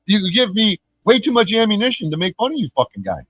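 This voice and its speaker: A man's voice: high-pitched, sing-song, fast talker, fairly bright tone, husky, no room sound, soft background music, rough recording. A man streaming a profane, mocking rant, laughing between points and mimicking his critics in sing-song voices. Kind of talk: ranting livestream monologue.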